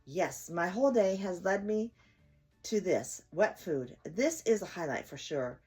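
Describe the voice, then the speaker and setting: A woman's voice: fairly low pitch, lively intonation, measured pace, warm tone, breathy edge, soft background music. Woman doing a bored grouchy house cat. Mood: grudging. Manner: complaining, sulky.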